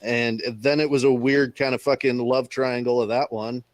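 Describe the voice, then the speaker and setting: A man speaks in an easygoing, wry way, swearing in passing as he trades stories from his military career. His pitch sits in a middle range. It comes across as a relaxed podcast chat. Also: moderate pace, dry recording. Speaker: military veteran.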